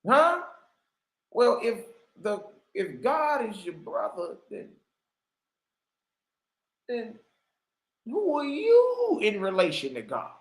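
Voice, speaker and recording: High-voiced slangy man in an echoey room. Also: wildly swooping pitch, takes it slowly, pauses often. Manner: slangy, emphatic, full of rhetorical questions. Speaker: online commentator and religious teacher. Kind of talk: casual commentary turning to preaching.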